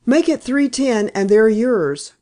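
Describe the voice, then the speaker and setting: A woman reading an audiobook and voicing a gruff, boorish middle-aged male horse dealer. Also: fairly high pitch, expressive, takes it slowly. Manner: blustering, loud outbursts. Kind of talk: audiobook character voice.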